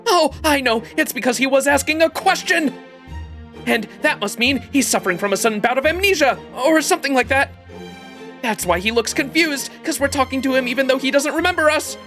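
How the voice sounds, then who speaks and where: A man voicing a bubbly, chatty teenage schoolgirl as he reads game dialogue aloud, pushing his voice high and eager. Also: lively intonation, a little fast, a bit bright, faint music behind. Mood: excited. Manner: high, eager, run-on delivery.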